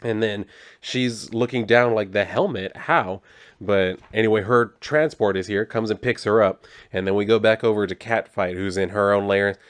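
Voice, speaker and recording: A man's voice: fairly low pitch, steady tone, normal speed, clean tone. A man casually reviewing comic books, swearing often as he talks.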